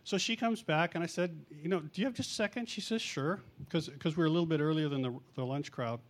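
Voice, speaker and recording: A man's voice: a little high, fast. A middle-aged man preaching in a chatty storytelling way, mocking himself and acting out the quotes. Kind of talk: storytelling sermon.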